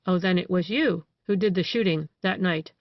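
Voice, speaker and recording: An ironic male doctor, put on by an audiobook reader, switching between a soothing bedside tone and sharp mockery. The voice sits mid-pitch, recorded dry and a little dull. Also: normal speed, no echo, close to an everyday voice. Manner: soothing, then sharply mocking.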